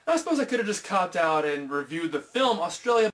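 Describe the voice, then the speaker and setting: A man from the United States running a jokey film review, his voice pitched high for a man. He delivers his lines with dry sarcasm and pokes fun at himself. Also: sing-song, fairly quick, a bit bright, a little hiss or hum. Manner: sarcastic, self-mocking. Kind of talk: comedic video review.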